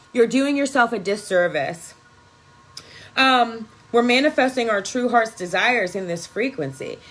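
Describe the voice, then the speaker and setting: A woman's voice: a little high, a bit bright, low-quality recording. A woman energy worker giving an emphatic, profane spiritual pep talk on a phone live video.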